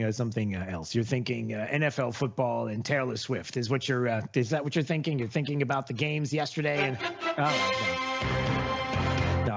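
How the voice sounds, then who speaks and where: A man's voice: mid-range voice, creaky. A man hosting a radio talk show, chatting casually and rambling with plenty of filler words. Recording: lo-fi radio broadcast.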